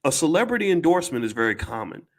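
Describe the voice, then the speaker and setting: A man's voice: on the high side, very animated, quick pace. A man giving casual commentary to his audience, blunt and emphatic, with some swearing, often repeating words and restarting his sentences.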